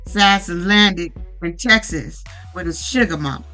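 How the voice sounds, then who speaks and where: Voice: mid-range voice, unhurried, sharp tone, soft background music, rough recording. A YouTuber ranting bluntly and profanely while recapping a reality show. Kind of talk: casual profane commentary.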